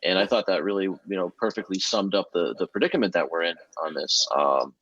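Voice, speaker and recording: A man, a physician guest, speaking in a measured way on a podcast with frequent fillers and restarts. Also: low-pitched, a bit bright, no room sound, muffled recording. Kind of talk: podcast discussion.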